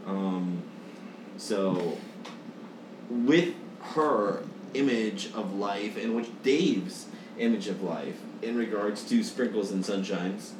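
A man's voice: on the low side, slow pace, roomy sound, far from the mic, background noise. A man in casual chat, sincere and emphatic. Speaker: co-host.

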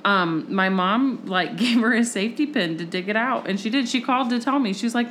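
Woman chatting, higher voice, very lively, tells stories and does the voices, a bit of hiss behind. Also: a little fast. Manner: animated storyteller, acts out quotes. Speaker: parent, co-host. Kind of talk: casual chat.

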